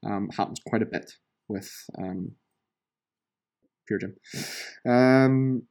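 A man's voice: lowish voice, very slow, pauses often, darkish tone. A man in his thirties hosting a casual solo podcast, chatting with lots of ums and sarcastically picking apart gym reviews. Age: 30s. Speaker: podcast host, fitness trainer.

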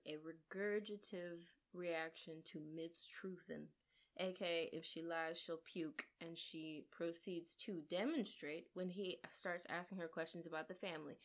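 A lower-pitched woman co-hosting a relaxed podcast conversation. She talks with eager enthusiasm, gushing about what she loves and laughing easily. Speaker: podcast co-host. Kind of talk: casual chat reviewing a film.

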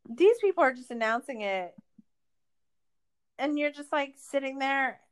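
A woman's voice: high-pitched, expressive, unhurried. A woman podcast host in a casual recap chat, ranting in exasperation and swearing a lot.

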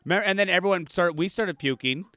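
A man with a slightly high voice rambles through stories, laughing as he goes. He is a comedian chatting casually over a video call. The sound is dry, with no room echo at all. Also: quick pace, bright, forceful tone. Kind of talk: casual storytelling chat. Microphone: remote video call.

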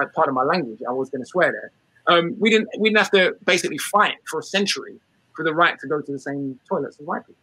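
British man, interview guest, rapid-fire, husky edge, lecturing hard. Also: fairly high pitch, dry recording, low-quality recording. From Britain. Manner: rapid, forceful, argumentative delivery. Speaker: guest author and historian. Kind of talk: lecture-style interview answer.

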